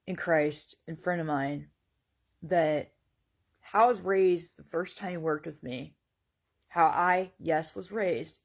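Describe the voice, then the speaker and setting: Low gravelly woman rambling on about faith and family, lots of um and you know. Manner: hesitant, rambling, many fillers; faith-centered, earnest. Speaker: vlogger sharing personal reflections. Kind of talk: casual personal monologue.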